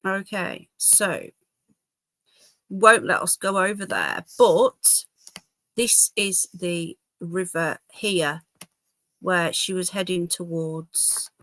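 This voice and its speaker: A woman's voice: on the low side, animated, slow, a bit bright, no echo. A woman hosting a casual live stream from home, chatting to viewers and her dogs. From England. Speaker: livestream host. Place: home, indoors.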